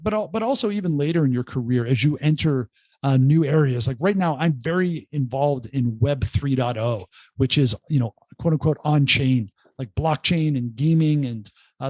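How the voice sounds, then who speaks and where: Middle-aged male entrepreneur guest, lively raconteur with quips, slightly high voice, dry sound. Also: no echo. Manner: animated storyteller, jokey asides. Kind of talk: casual podcast interview. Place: remote call.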